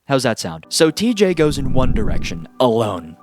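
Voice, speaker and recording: A man talking through a horror film recap with a sarcastic, jokey edge. He gets excited in bursts and fills his sentences with casual fillers. His voice sits at an ordinary middle pitch, with faint music behind him. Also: moderate pace, hardly any pauses. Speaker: movie recap host. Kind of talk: casual comedic movie recap.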